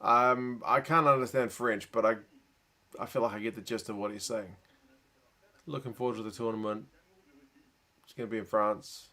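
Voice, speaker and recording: A man with a New Zealand accent hosting a late-night live reaction stream. He mutters asides and answers chat comments in a relaxed, tired way. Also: fairly low pitch, moderate pace, long pauses. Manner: relaxed, muttered asides and chatty replies to viewers.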